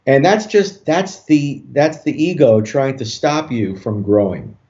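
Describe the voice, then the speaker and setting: A man, a hypnotist guest on an interview show, tells a story in a relaxed way with many fillers and restarts. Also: medium pitch, measured pace. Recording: dull lo-fi audio.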